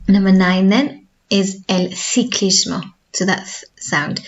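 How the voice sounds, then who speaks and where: A woman's voice: mid-range voice, steady tone, moderate pace, fairly bright tone, lo-fi sound. A woman with a Welsh accent who teaches school languages, giving a recorded video lesson and explaining patiently, modelling each word more than once. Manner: clear, patient explaining with repeated model words.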